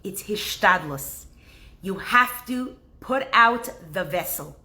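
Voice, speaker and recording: Woman teacher, soothing and deliberate, bright clear voice, very unhurried. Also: mid-range voice, expressive. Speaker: Torah class teacher. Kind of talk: guided meditation and religious lesson.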